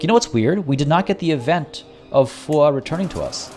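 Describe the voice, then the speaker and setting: A man's voice: on the high side, expressive, moderate pace, few pauses, a little mellow, a little hiss or hum. A man casually talking through a strategy game on a live stream, chatty and wry, with mock-villainous asides. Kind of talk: casual live gameplay commentary.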